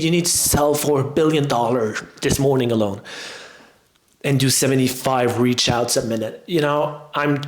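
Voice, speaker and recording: A man who is a fitness coach, talking casually and rambling to camera, with slightly English. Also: mid-range voice. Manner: rambling, conversational. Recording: roomy echo.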